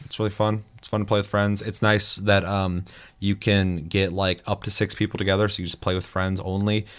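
A man chatting casually about a multiplayer game, telling animated stories and swearing a lot. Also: low-pitched, fairly quick, clear, resonant tone. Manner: animated storytelling, heavy swearing. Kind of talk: casual gaming chat.

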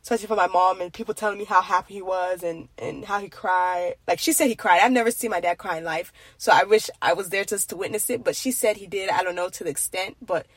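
A woman's voice: on the low side, quick pace, hardly any pauses, no room sound. Young woman, earnest, rambling, casual faith talk, dry close sound. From Nigeria. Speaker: faith vlogger.

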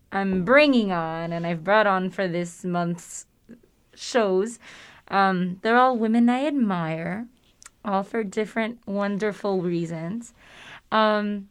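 A woman's voice: medium pitch, clean tone. A young woman hosting a casual podcast, chatty and playful, with lots of fillers. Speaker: host.

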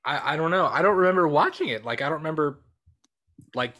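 Man, casual movie chat, animated, lively swings in pitch, fairly high voice, laughs a lot. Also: fast, lo-fi sound. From Italian heritage. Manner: breaks into loud impressions of film characters. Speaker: podcast co-host.

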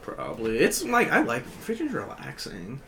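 A man's voice: medium pitch, normal speed, vocal fry, a little hiss or hum. A man co-hosting a casual podcast, talking loosely with lots of filler words and swearing. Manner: animated, profane, many fillers. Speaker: podcast co-host.

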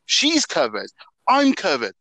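A young Welsh man telling a story in casual chat, animated and swearing a lot. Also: high-pitched, measured pace, no echo, low-quality recording. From Wales.

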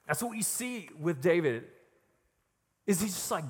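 A man preaching a sermon in a casual, emphatic way, swinging from hushed reflection to loud, raised passages. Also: high voice, sing-song, a little slow, long pauses, breathy edge, long reverb tail. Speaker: pastor.

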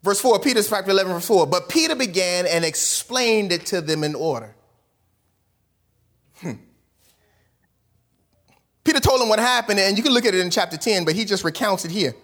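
A man's voice: high-pitched, moderate pace, pauses often. A man preaching a sermon, reading scripture aloud and acting out the quotes, with casual, colloquial phrasing. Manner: animated preaching, reads scripture aloud, acts out quotes in voices. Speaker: pastor.

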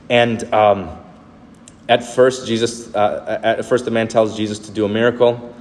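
A man's voice: on the low side, flat delivery, unhurried, a little hiss or hum. A man preaching a sermon in an earnest manner, acting out the voices of the people he quotes. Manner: earnest, acts out quoted speech. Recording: reverberant hall, faint ambience.

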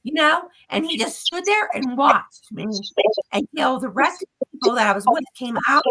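A woman guest on a podcast, casually retelling a story in an animated, profane way. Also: high-pitched, moderate pace, husky, low-quality recording.

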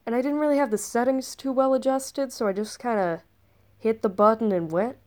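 A woman's voice: fairly high pitch, brisk, a little mellow. A woman telling a rambling story in character as a time traveler, chatty and casual, with sarcastic asides.

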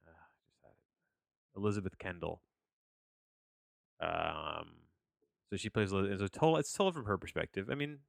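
A man talks through a film review in relaxed podcast chat, with a fairly low voice. He backtracks often, restarts his sentences and swears offhandedly. The sound is dry, with no room echo. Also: smooth. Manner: loose, full of restarts and self-corrections. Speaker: podcast host reviewing movies. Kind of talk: casual rambling chat.

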